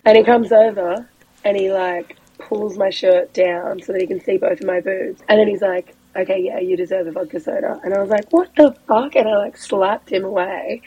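A woman's voice: medium pitch, moderate pace, breathy edge, dull audio. A young woman, co-hosting a podcast over a video call and telling stories with acted-out quotes. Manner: animated storytelling, acting out quotes. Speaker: podcast co-host.

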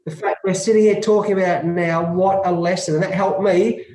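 A man's voice: high-pitched, a little fast, echoey room, rough recording. A middle-aged Australian man, a former cricketer, telling his story in an interview, acting out dialogue and laughing often. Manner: lively anecdotal, acts out dialogue, laughs often. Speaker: guest, former test cricketer.

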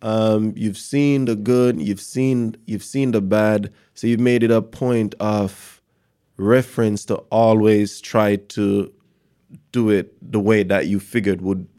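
Man, podcast host, slow deliberate pace, thoughtful questions. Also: on the low side, fairly even intonation, mellow, clear, resonant tone. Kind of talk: casual interview chat.

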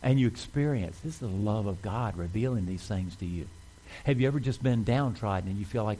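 A man's voice: on the low side, animated, brisk, warm tone, slight background noise, rough recording. A man preaching a sermon in a church, talking conversationally and asking the congregation questions. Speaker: pastor.

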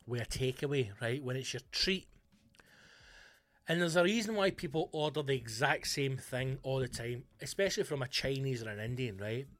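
A man hosting a podcast, delivering a comic, sweary, animated rant. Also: medium pitch, no echo. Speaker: podcast host. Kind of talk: comic ranting monologue.

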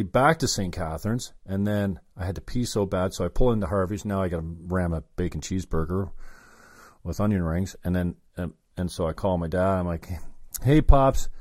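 A man's voice: sits low, no echo, studio quality. Rambling man telling a story. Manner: rambling, self-interrupting, profane.

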